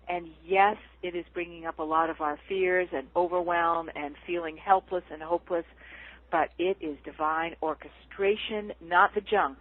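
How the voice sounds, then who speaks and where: A woman spiritual healer talking casually and animatedly, laughing often and acting out the voices she quotes. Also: on the low side. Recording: tinny phone line.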